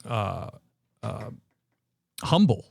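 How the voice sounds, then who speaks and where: A man's voice: lowish voice, big pitch swings, very slow, creaky, darkish tone, breathy edge, no room sound, studio quality. A man from the Boston area hosting an interview, chatty and enthusiastic with lots of fillers. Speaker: podcast host. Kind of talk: casual interview chat.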